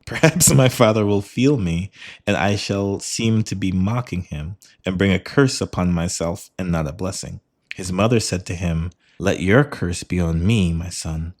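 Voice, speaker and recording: A man co-hosting a podcast, reading a Bible passage aloud in a measured way, then chatting about it with lively asides. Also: deep voice, slightly rough. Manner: measured scripture reading, then animated chat. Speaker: podcast co-host. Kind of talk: Bible reading and casual discussion.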